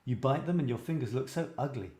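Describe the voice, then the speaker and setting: A man's voice: medium pitch, animated, fast, a little mellow, lightly acted. A man reading a sneering negative inner voice. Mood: scornful. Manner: scoffing, fault-finding. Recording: roomy echo.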